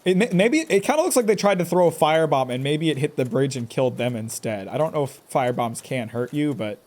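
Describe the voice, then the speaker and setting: A man's voice: mid-range voice, expressive, fast talker, darkish tone. A man streaming a game live, joking and trash-talking the boss and characters as he plays. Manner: jokey, talks back at the game. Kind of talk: live gameplay commentary.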